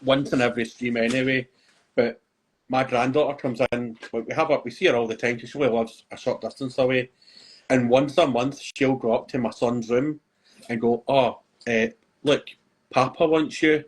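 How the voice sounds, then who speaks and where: A man's voice: medium pitch, steady tone, a little fast, breathy edge, low-quality recording. Easygoing older man telling stories. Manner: easygoing anecdotal storytelling. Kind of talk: casual chat.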